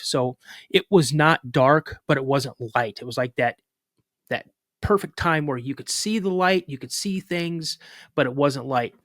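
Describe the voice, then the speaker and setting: Man, podcast guest, animated storyteller, restarts a lot, mid pitch, dry close sound. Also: normal speed, no echo. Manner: animated retelling with restarts and acted-out quotes. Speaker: podcast guest, cryptid researcher. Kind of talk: casual personal storytelling.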